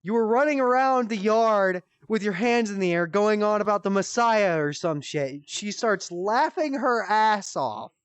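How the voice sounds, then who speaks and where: A woman hosting a comedy stream, telling a story in casual, animated style, swearing freely and jumping high for quoted voices. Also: unhurried, hardly any pauses, smooth, no echo. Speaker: comedy show host. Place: virtual-world live stream.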